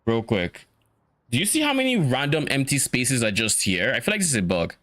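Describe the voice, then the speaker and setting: A young man chatting casually while playing a game, relaxed, swearing lightly and trailing off mid-thought. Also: medium pitch, a little fast, no room sound. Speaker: co-player. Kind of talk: casual gaming chat.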